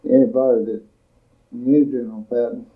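An older man, a veteran, recalling his wartime service in a plain-spoken, measured storytelling manner for an oral history recording. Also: mid-range voice, flat delivery. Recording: tinny lo-fi tape recording.

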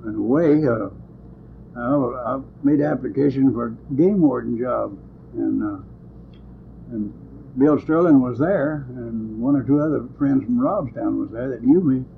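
For an oral history interview, an older former lawman rambles through folksy anecdotes in ungrammatical country speech. He has a medium-pitched voice with vocal fry and a measured pace, and the tape is tinny, lo-fi, and hissy.

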